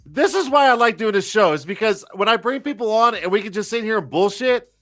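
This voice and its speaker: A man's voice: high voice, animated, brisk, fairly bright tone, faint music behind. A man in his forties hosting a live stream, rambling and swearing freely in casual chat. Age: 40s. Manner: profane, rambling, self-mocking. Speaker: host.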